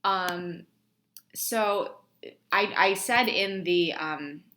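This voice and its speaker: A woman's voice: lowish voice, very slow, sharp tone, a little hiss or hum. A young woman instructor talking through a lab tutorial casually, thinking aloud with many ums and restarts. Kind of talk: screen-recorded lab tutorial.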